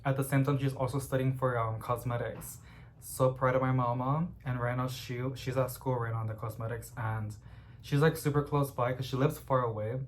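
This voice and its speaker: A young man chatting casually at home about plants he is unboxing, rambling and getting excited as he goes. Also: mid-range voice, normal speed, slight background noise. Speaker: plant vlogger.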